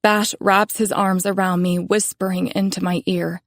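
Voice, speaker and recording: A woman narrating a romance audiobook in the first person, in a calm, measured way. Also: mid-range voice, no room sound, studio quality.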